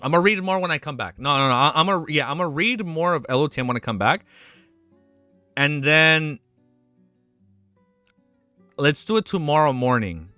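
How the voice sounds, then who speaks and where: A man streaming live, reacting to fan art in casual chat, excitable and swearing often with quick exclamations. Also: a little high, dry recording, soft background music.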